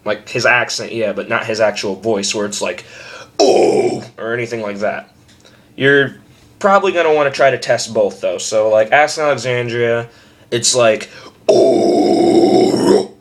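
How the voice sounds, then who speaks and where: A man's voice: mid-range voice, normal speed, slight background noise. Rambling young man teaching screaming. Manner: rambling, self-deprecating, with loud demo screams. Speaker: screaming vocal tutor. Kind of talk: casual vlog tutorial.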